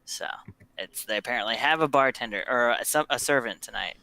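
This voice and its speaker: A man narrating as game master of a tabletop game, halting, with many fillers. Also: medium pitch, bright, forceful tone.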